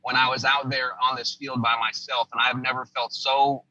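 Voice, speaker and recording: A former army sergeant from the United States recounting a combat story as a podcast guest, telling it vividly and acting out what people said. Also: male voice, mid-range voice, level tone, normal speed, highs cut off, crowd noise.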